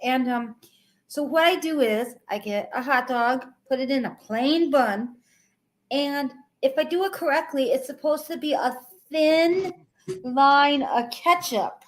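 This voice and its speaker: A woman's voice: high voice, unhurried. A woman from the Chicago suburbs with a Chicago accent, chatting casually and laid-back on a podcast. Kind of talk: casual chat.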